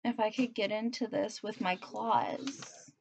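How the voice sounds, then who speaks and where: A young woman chatting casually and gushing excitedly as she unboxes a package in her reading room at home. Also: medium pitch, takes it slowly, creaky, noisy background. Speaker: vlogger.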